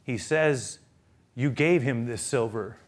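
Stern, suspicious guards, as a preacher puts them on, speaking slowly and accusingly. It is a plain, firm voice at an ordinary pitch. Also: male voice, close to an everyday voice. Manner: slow, accusing.

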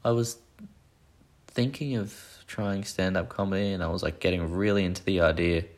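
A man's voice: low voice, steady tone, normal speed. A young man hosting a podcast, rambling casually with plenty of swearing and self-deprecating asides. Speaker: podcast host. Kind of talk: casual solo chat.

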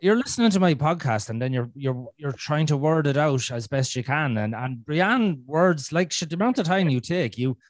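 A man's voice: on the high side, lively intonation, normal speed, few pauses, no room sound. Irish man, podcast host, rambling casual chat, swears, dry close sound. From Ireland. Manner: rambling, swears freely, restarts often.

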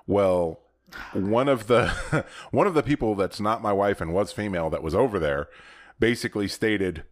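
Deep-voiced man, laughing storyteller. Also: normal speed. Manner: laughs often, rambling storyteller. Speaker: podcast co-host. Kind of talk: casual chat.

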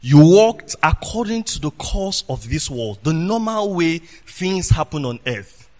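A man preaching a sermon as pastor, in a sing-song, animated delivery, questioning his congregation and at times shouting for emphasis. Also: on the high side, a little slow.

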